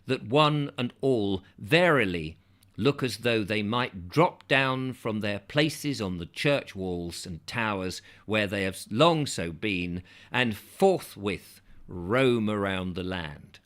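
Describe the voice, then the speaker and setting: A man reading an old travel book aloud, breaking off now and then for casual, joking asides. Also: on the low side. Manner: lively reading broken by chatty, joking asides. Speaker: audiobook reader. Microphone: close microphone, near overload.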